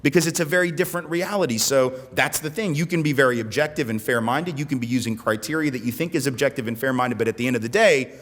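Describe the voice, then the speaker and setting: An American man giving a conference keynote, animated and gesturing, often checking in with "right?". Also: mid-range voice, fast talker, hardly any pauses. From United States. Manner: animated, talks with his hands, keeps asking "right?". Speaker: keynote speaker. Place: conference hall in front of an audience. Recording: long reverb of a conference hall.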